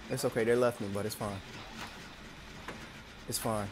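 A man's voice: lowish voice, level tone, normal speed, pauses often, noisy background. A man streaming a video game, repeating short phrases to himself as he plays. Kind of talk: casual gameplay commentary.

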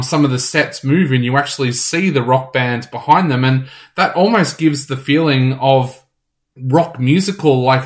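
A man hosting a radio show, praising a stage musical with enthusiasm and quick self-corrections. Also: mid-range voice. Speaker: radio host reviewing a musical. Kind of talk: casual review chat.

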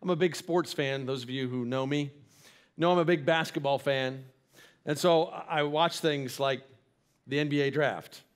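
A man's voice: a little high, steady tone, unhurried. A man giving an earnest, encouraging sermon as pastor in a church. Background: faint instrumental music.

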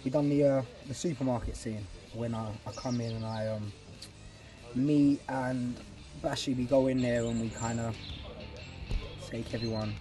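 A man's voice: mid-range voice, moderate pace, music in the background. A young man, an actor chatting casually behind the scenes and telling stories in a joking, slangy way. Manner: joking, slangy, animated storytelling. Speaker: actor interviewed on set.

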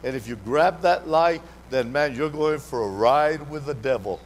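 Animated preaching pastor, man. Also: mid-range voice, moderate pace, a little hiss or hum, poor audio. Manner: animated preaching, calls to the congregation, repeats words. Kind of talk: sermon. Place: church hall during a live service.

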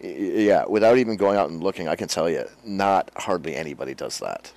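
A man's voice: deep voice, animated, fast talker, a little mellow. A man hosting a casual interview, reacting and laughing along with his guest. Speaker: interviewer, host.

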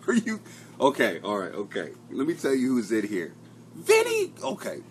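This middle-aged man runs his own comedy podcast out of a home basement, rambling through casual live-stream chat full of profanity and self-mockery. His voice is fairly low and animated, and he speaks fairly quickly. A little hiss or hum sits under the recording.

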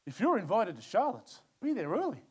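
A middle-aged Australian man preaching a sermon as a pastor, swinging between loud, urgent bursts and soft, low asides. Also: huge pitch swings, a little fast, husky.

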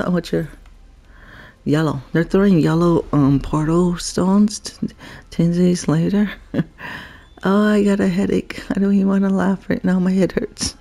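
A woman talks her way through a video game in an unhurried, relaxed drawl. Her tone is soft and warm rather than bright, and she chats to the creatures on screen and giggles often. It is casual gameplay commentary. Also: fairly low pitch, creaky. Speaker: gameplay vlogger.

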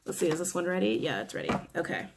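A woman's voice: lowish voice, very animated, fast, gravelly, very noisy. A woman giving a casual spoken tarot reading to her viewers, chatty and emphatic, repeating her phrases and often breaking into laughter. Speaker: tarot reader.

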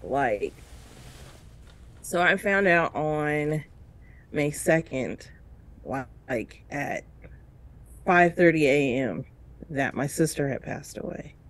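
A woman's voice: deep voice, expressive, slow pace, pauses often. A woman co-hosting a casual review chat, recounting a painful story and acting out the people in it with big leaps of voice. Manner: emotional storytelling with big voiced reenactments, laughing through tears. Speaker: co-host of a reality show review podcast.

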